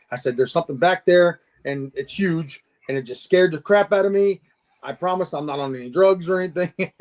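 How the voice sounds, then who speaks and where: A man guest telling his encounter story in a casual interview, with a lot of stammering restarts and laughing at himself. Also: fairly high pitch. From Florida. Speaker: Bigfoot investigator guest.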